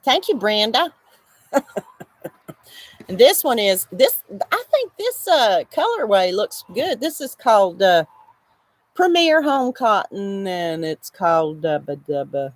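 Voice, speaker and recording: A woman's voice: medium pitch, very animated, takes it slowly, no echo. A woman hosting a casual crochet livestream outdoors, chatting and reading viewers' comments aloud as she laughs often. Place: outdoors in the shade.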